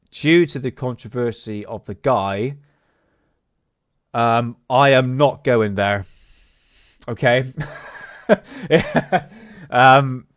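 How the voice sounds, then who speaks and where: A man's voice: medium pitch, dry recording, clean studio sound. A man hosting a casual solo talk, rambling with many fillers and restarts. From England. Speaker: host.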